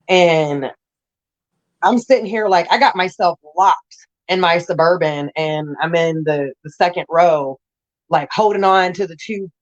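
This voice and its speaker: A woman's voice: on the low side, highs cut off. A woman telling her life story in a casual interview, blunt and raw, rambling with restarts.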